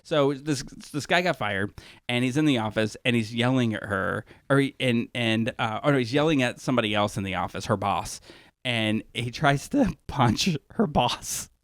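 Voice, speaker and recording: A man of middling pitch co-hosts a casual podcast and recaps a reality show, acting out each quote and breaking into laughter. His voice sounds dry and close to the mic, with no room around it. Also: moderate pace, no echo. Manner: animated storyteller who acts out quotes, laughs often. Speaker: podcast co-host.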